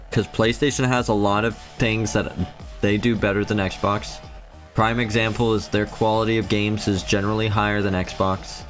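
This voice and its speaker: Chatty man, lowish voice. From Philippines. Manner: chatty, reads and answers chat. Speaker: streamer. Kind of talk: casual live-stream chat.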